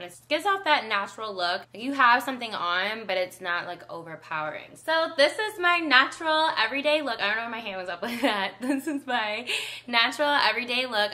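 A woman's voice: medium pitch, pushed and bright. A young woman chatting casually through a makeup routine as a beauty vlogger, full of filler likes. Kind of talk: casual makeup tutorial chat.

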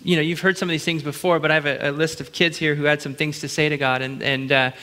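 A man's voice: a little high, flat delivery, fast, sharp tone. A middle-aged man preaching as pastor in a large church, chatty and playful, breaking into short laughs. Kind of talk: sermon. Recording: long church hall reverb.

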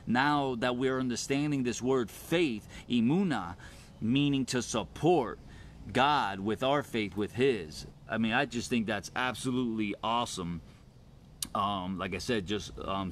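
A man's voice: mid-range voice, a little hiss or hum. A man teaching on faith in an informal, earnest and enthusiastic way, with frequent restarts and fillers.

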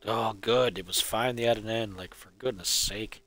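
A streamer riffing in a wry, rambling way as he plays, his lowish male voice bright and forceful. He sounds casual and unscripted, with faint game music underneath. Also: moderate pace. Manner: wry, rambling running commentary. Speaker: streamer playing through a game marathon. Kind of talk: casual live-stream commentary.

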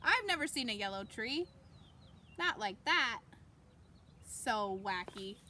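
A woman reading a picture book aloud to children, animated, gasping and exclaiming, and asking the young listeners questions. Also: a little high, takes it slowly, a little hiss or hum. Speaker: children's story reader.

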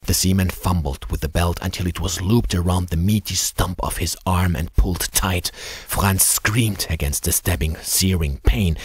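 A man narrating a short story in a steady, measured way. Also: low voice, slightly rough, no echo. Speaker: audiobook narrator. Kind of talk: scripted narration.

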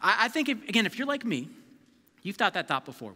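A man preaching a live sermon as a youth pastor, energetic and conversational, calling on the crowd to answer back. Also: very high voice, fast talker. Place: church service hall. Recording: long reverb of a large hall.

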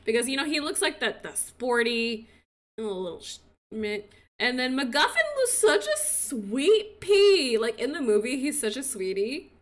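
A woman giving casual commentary on her own game, excitable and cheering as she plays. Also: high-pitched, a little slow. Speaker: gaming video creator.

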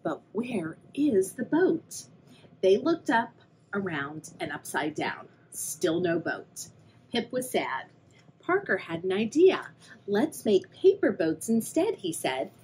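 A woman's voice: lowish voice, very animated, slow pace, a little mellow, slight background noise, low-quality recording. A young adult woman, a children's librarian, reading a picture book aloud and asking the young listeners questions. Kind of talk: read-aloud storytime for kids.

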